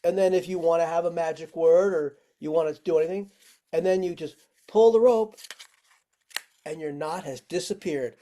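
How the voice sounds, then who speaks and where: A man's voice: fairly high pitch, normal speed, mellow. A man teaching firefighters over a video call, friendly and walking through simple tricks step by step. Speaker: firefighting instructor. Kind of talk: virtual training lesson.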